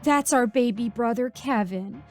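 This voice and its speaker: A woman's voice: a little high, measured pace, faint music behind, natural voice. A woman voicing a sweet but creepy motherly woman who runs a medical experiment, speaking in a sing-song, overly soothing way. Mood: sweetly sinister.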